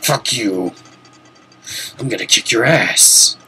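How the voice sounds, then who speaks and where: Man doing a brash, violent action-hero type with a low, gruff, boastful growl. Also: lively intonation, slow, sharp tone, heavily acted. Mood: menacing. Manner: crude boastful threats.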